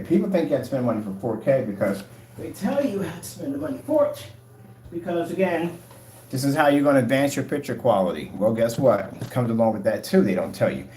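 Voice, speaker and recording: A man's voice: medium pitch, darkish tone, slight background noise. A man giving a casual product demonstration for his projector screen paint, talking in an emphatic, rambling sales style at home. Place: home room with a projector and gray wall. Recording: roomy echo.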